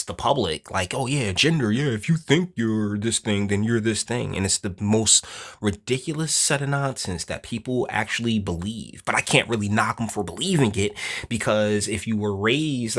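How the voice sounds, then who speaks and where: A man's voice: mid-range voice, fairly bright tone. A man giving a casual opinion rant to viewers, blunt and preachy with plenty of slang. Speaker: online commentator.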